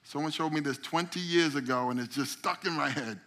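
A man's voice: a little high, a little fast. A middle-aged man teaching a group, acting out little stories with voices as he goes. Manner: animated storyteller, acts out voices. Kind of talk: teaching a memory drawing lesson.

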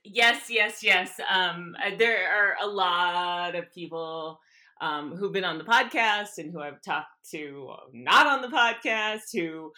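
Encouraging woman host, bright, forceful voice. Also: fairly low pitch, unhurried. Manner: encouraging, frequent affirmations. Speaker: podcast host. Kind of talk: conversational interview.

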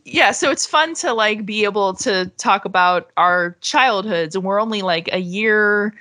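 Bright-voiced woman from Florida, chatty podcast guest who rambles with fillers. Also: mid-range voice, measured pace. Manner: chatty, many fillers and restarts. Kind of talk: casual chat.

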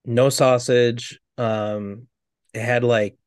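A young man from upstate New York chats as a podcast co-host. His voice sits at a middle pitch, relaxed and chuckling, with plenty of fillers. It is recorded close and dry. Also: extremely slow, smooth, no echo. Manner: laid-back, chuckling, filler-heavy. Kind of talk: casual chat.

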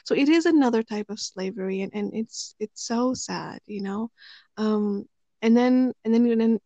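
A woman telling stories in relaxed conversation, rambling with many fillers and restarts. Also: mid-range voice, creaky, dry recording. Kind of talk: casual conversational storytelling. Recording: dry, slightly muffled recording.

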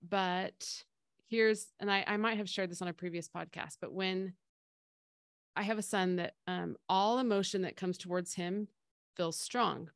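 A middle-aged woman co-hosts a casual podcast in a fairly low, creaky voice, conversationally explaining feelings through everyday analogies and acting out quoted voices. The recording is dry and studio quality.

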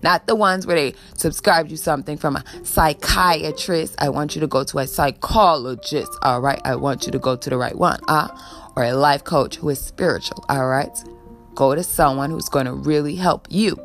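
A woman's voice: low voice, moderate pace, fairly bright tone, faint music behind. A woman giving a preachy spiritual pep talk, ending most sentences with a questioning "ah?" and sighing now and then. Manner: sighs before blowing love. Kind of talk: motivational spiritual talk to camera.

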